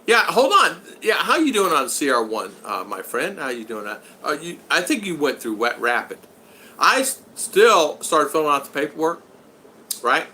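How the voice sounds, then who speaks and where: A man's voice: fairly high pitch, very animated, normal speed, pushed and bright, a little hiss or hum. A man hosting a casual live stream, chatting, reading comments aloud and greeting viewers by name. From United States. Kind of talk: casual live-chat talk.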